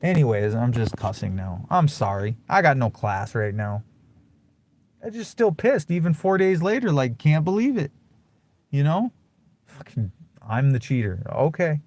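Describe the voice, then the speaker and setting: A man's voice: mid-range voice, big pitch swings, a little slow, a little mellow. A young man ranting bitterly to camera in a casual vlog, muttering and then flaring into profane outbursts. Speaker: vlogger.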